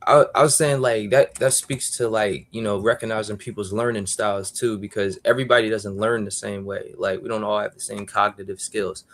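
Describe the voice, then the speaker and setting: A man in a casual group talk, calmly explaining how people learn differently. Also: lowish voice. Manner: measured, explanatory.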